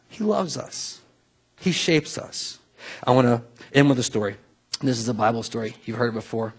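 A man preaching a sermon as pastor, telling a Bible story in a lively way, swinging from soft asides to loud acted-out voices. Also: medium pitch, breathy edge.

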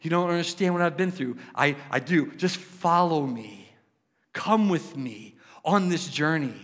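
A man voicing Jesus as a gentle, earnest figure calling people to follow him. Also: fairly high pitch, animated, a little slow, long reverb tail. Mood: tender urging.

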